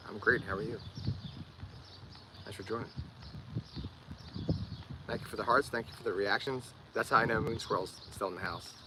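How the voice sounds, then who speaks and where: A man's voice: fairly low pitch, steady tone, normal speed, long pauses, background noise. A man with a Philadelphia accent talking casually to viewers on a live stream, often repeating words as he searches for them. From Delaware County, Pennsylvania. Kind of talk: casual livestream chat.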